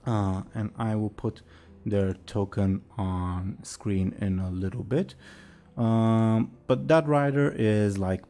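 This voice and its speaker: A man narrating as game master of a tabletop game, halting with many fillers. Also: on the low side, mellow.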